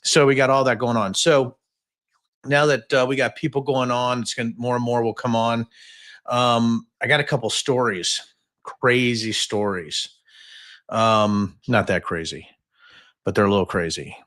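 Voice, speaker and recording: Casting note: fiftyish male host, mid-pitched, loose and rambling, cracks jokes mid-story. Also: steady tone, unhurried, a bit bright. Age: 50s. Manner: rambling and jokey, many fillers and asides. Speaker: podcast host. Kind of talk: casual livestream storytelling.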